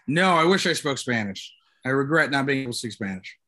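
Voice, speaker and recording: A man's voice: mid-range voice, lively intonation, brisk, pushed and bright. A man guesting on a podcast, agreeing often and laughing easily in casual chat.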